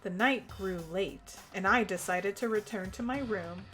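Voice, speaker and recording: A cold, arrogant rich teenage boy from a game, who speaks calmly and looks down on everyone, read aloud by a woman. He speaks slowly and dismissively, with faint music behind. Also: medium pitch, close to an everyday voice. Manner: calm, dismissive, condescending. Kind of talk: reading game dialogue aloud.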